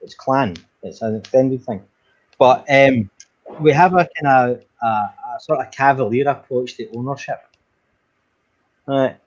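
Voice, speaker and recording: Husky Irish man telling stories. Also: mid-range voice, measured pace, pauses often, no room sound. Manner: swears freely, rambling storytelling with restarts. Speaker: storyteller in group chat. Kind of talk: casual anecdotal chat. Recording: dull lo-fi sound.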